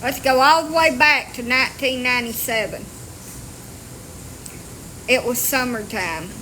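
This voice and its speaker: A woman's voice: high voice, measured pace, pushed and bright, a little hiss or hum. A woman, telling a story in casual, blunt, salty, self-mocking talk while outdoors on rural land with her phone. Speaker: storyteller vlogger. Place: outdoors on rural property with dogs.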